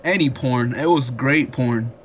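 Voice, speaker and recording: A man's voice: medium pitch, unhurried, slight background noise. Heckling man on a lo-fi mic. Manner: heckling, laughing, crude. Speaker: guest. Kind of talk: casual voice chat. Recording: dull lo-fi mic.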